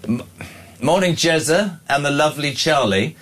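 A chatty man hosting a breakfast radio show, reading out listener messages and teasing his co-host. His voice sits slightly higher than most men's. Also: lively intonation, normal speed, fairly bright tone. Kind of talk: casual chat reading listener texts.

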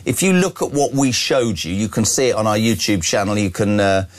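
A man's voice: lowish voice, a little fast. A man presenting opinionated news commentary, sarcastic and jokey. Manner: sarcastic, animated, jokey asides.

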